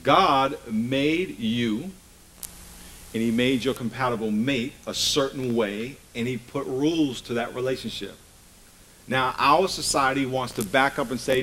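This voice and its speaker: A man's voice: mid-range voice, normal speed, fairly bright tone, rough recording. A man preaching a sermon emphatically, often asking the congregation rhetorical questions.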